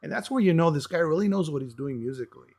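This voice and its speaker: A man's voice: fairly high pitch, lively intonation, fast, darkish tone. A man co-hosting a metal music show who eagerly breaks down a song's guitar and vocals, stammering at times. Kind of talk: casual music review chat.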